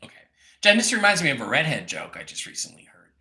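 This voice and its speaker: A man's voice: on the high side, wildly swooping pitch, fast, pushed and bright, echoey room. A man co-hosting a live call-in show, reading viewer questions aloud and cracking jokes. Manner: jokey, reads out messages. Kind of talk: casual live show chat.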